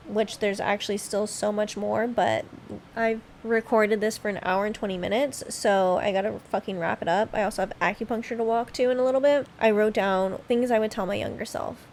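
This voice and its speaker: A woman's voice: medium pitch, a little mellow, slight background noise. A woman in her late twenties hosting a solo podcast, reflecting candidly and emotionally, swearing often and close to tears at times. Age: late 20s. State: tearful at times. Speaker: podcast host.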